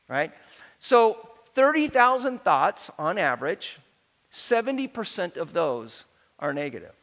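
Man preaching, middle-aged pastor, bright voice, long church-hall reverb. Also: high-pitched. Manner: animated, joking, call-and-response with congregation. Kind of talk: sermon.

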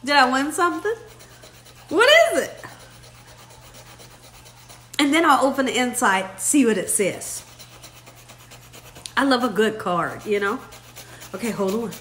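A woman's voice: a little high, expressive, normal speed, long pauses, a bit bright. A woman hosting her own vlog, chatting effusively and talking straight to her viewers in a casual way. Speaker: vlog host.

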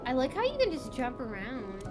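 A high-pitched woman streaming a game, chattering to her viewers in quick bursts of excitement and frequent gasps. Her commentary is live and unscripted, with clear game music playing behind her voice. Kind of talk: live let's play commentary.

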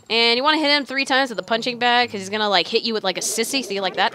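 A young woman talks through a video game into a desk mic, her voice bright and sharp-edged. She gets excitable and swears freely when the game frustrates her. Her pitch sits in the middle, and a faint hiss runs behind her. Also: fast talker, hardly any pauses. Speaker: let's play host. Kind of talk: gameplay commentary.

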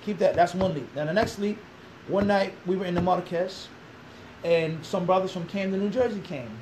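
A man telling a long story as an interview guest, animated, acting out quoted dialogue and throwing in rhetorical questions. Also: high voice, normal speed, background noise.

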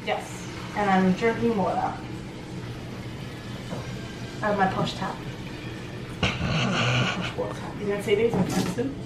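A woman's voice: medium pitch, expressive, normal speed, echoey room, far from the mic, loud music behind the voice, low-quality recording. A young woman from Australia, cheeky and laughing, joking with friends.

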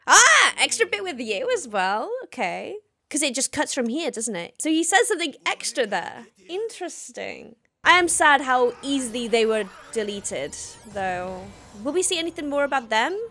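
A woman's voice: high voice, bright, forceful tone. A woman giving an emotional, gushing reaction commentary while she watches a show. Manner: emotional, gushing, exclaims and laughs often. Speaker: reaction video host.

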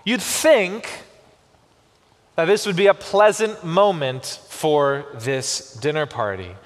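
A man preaching a sermon as pastor, with expressive delivery and slow, emphatic pauses on key words. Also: on the high side. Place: church sanctuary. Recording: long church reverb.

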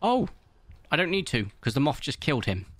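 A man's voice: on the high side, very animated, brisk, no echo. A man hosting a game session with friends over a voice call, explaining the game in a dry, wry way. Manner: dry, wry, explains things matter-of-factly. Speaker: channel host playing with friends. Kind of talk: casual gaming chat over voice call.

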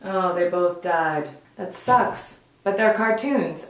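A woman's voice: fairly low pitch, slow. A woman hosting a casual vlog, giving wry, sarcastic running commentary. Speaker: vlog host. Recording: roomy echo with background music.

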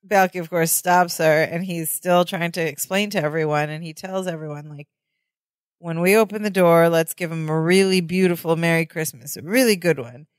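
A woman's voice: on the low side, normal speed, dry recording, clean studio sound. A woman co-hosting a podcast, casually retelling a sitcom episode and acting out the characters' lines. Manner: animated retelling with voiced quotes. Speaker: podcast co-host. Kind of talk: casual recap chat.

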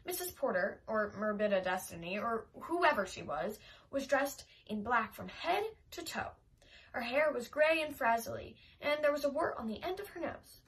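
A woman reading a children's chapter book aloud in a lively, expressive way. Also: a little high, moderate pace. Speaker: audiobook reader. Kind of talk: storybook read-aloud.

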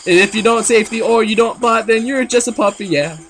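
A young man giving jokey, excitable commentary while playing a video game, with sudden outbursts. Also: sits high, fairly quick, faint music behind. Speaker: let's play gamer. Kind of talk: goofy gameplay commentary.

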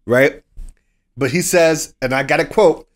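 A man co-hosting a sports podcast in casual chat, telling the story with animated delivery and acting out what people said. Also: a little high, measured pace. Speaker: podcast co-host.

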